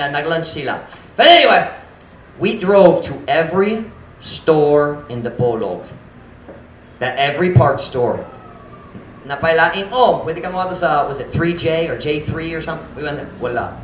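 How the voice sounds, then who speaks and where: Man, pastor, storytelling sermon, animated and frank, slightly high voice, roomy church echo. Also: slight background noise. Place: church sanctuary.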